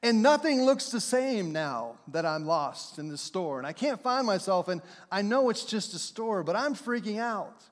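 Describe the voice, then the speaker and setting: A man preaching a sermon to his congregation in a lively storytelling manner, now and then acting out what people said. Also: high-pitched, normal speed, few pauses. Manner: storytelling, animated, acts out shouts and quotes. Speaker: pastor. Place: church sanctuary. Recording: long hall reverb.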